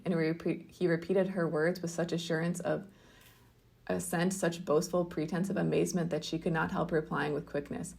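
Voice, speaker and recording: A woman librarian reading a classic novel aloud in a measured storytelling manner. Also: lowish voice, little pitch movement, creaky, darkish tone.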